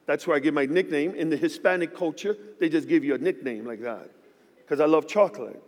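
A man in his fifties, a guest pastor, preaching a sermon in a church with lively, joking storytelling. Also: a little high, brisk, long reverb tail. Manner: animated storytelling with joking asides. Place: church sanctuary.

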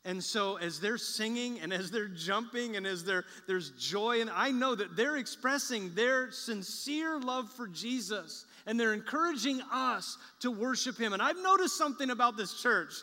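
A man preaching a sermon as a pastor to a large church congregation, talking conversationally and with humor, and building to bursts of excitement. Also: high voice, moderate pace, hardly any pauses. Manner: conversational and joking, with rising excitement. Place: large church sanctuary with a balcony. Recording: echoey large church hall.

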